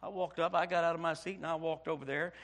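A Baptist pastor from Indiana preaching a sermon, telling a story and swinging from hushed passages to near shouting. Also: male voice, fairly high pitch, level tone, quick pace, gravelly.

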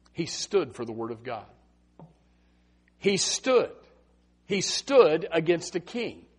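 Fervent preacher, husky. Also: male voice, mid-range voice. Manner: emphatic, swings from loud to hushed. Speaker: Baptist preacher. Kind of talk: sermon.

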